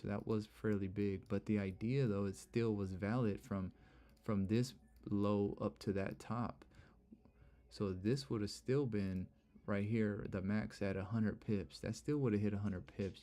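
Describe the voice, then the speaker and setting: Chill young guy streaming live, low mellow voice, keeps saying look and bro. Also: fairly even intonation, normal speed. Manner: chatty, repeats "look" and "bro". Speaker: livestream trading host. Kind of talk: casual live stream commentary.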